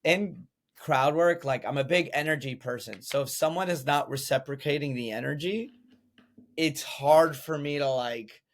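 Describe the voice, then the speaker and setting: A man who is a stand-up comedian, telling stories on a podcast over a video call, energetic and full of fillers like "like". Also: fairly high pitch, normal speed. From United States. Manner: energetic storyteller, heavy use of "like". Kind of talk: casual podcast chat.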